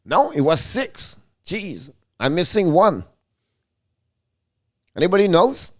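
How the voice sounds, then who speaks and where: A middle-aged man hosting a casual live hockey stream, talking excitably and often restarting and correcting himself. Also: high-pitched, slow.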